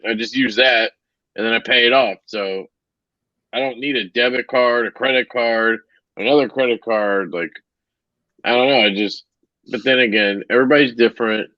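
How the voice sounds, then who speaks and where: A man's voice: mid-range voice, no room sound. Male podcast co-host, easygoing and profane, dry muffled home recording. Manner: loose, swearing, joking. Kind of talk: casual podcast chat.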